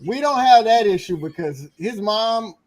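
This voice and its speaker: A man's voice: sits high, lively intonation, normal speed, low-quality recording. A man, a father guest on a podcast, chatting playfully and laughing often. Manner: laughing, playful, talks about his son. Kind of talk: casual chat.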